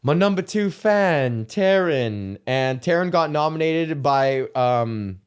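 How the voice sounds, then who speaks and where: A man's voice: on the high side, expressive, slow, clear, resonant tone. A young man hosting a comedy podcast, ranting in a casual, rambling way, swearing and laughing often. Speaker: podcast host.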